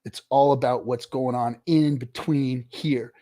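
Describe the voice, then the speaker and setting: A middle-aged man hosting a livestream, giving profane, preachy motivational rants to his chat with sudden loud swings. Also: medium pitch, steady tone, measured pace, dry recording, studio quality. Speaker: livestream host. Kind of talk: casual livestream chat reading viewer comments.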